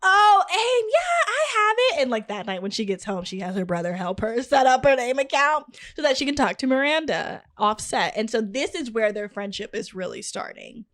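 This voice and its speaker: A woman's voice: mid-range voice, steady tone, brisk, hardly any pauses. A woman co-hosting a casual book club podcast, retelling chapters with lots of likes and quoted lines. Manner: retells the book in quoted voices, many fillers. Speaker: podcast co-host.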